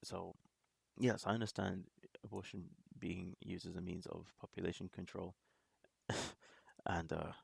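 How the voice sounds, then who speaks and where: Gravelly low-voiced man rambling. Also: flat delivery, darkish tone, dry recording. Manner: rambling, halting, many restarts and laughs. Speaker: reaction video host. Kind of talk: casual commentary.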